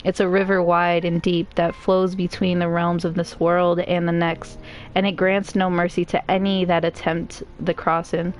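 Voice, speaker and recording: A woman voicing a foul-mouthed, tough old grandmother who talks with thick, gruff rage. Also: on the low side, little pitch movement, normal speed, a little hiss or hum, lightly acted. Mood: stern tender.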